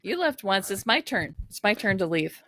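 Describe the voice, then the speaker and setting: A woman's voice: medium pitch, sing-song, normal speed, bright, forceful tone, no room sound. A woman co-hosting a podcast over a remote call, jokey and full of banter. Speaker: podcast co-host. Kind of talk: casual podcast chat.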